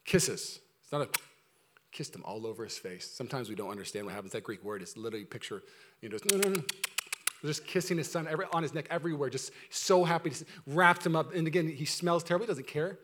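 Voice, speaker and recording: A man preaching a sermon to his church, talking in an energetic, conversational way with humor, swinging between loud emphasis and quiet intensity. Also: fairly high pitch, fast. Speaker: pastor. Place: church service before a congregation.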